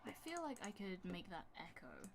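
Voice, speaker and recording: A young woman chatting casually on a livestream while producing music, thinking out loud and drifting into soft asides. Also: fairly low pitch, wildly swooping pitch, normal speed.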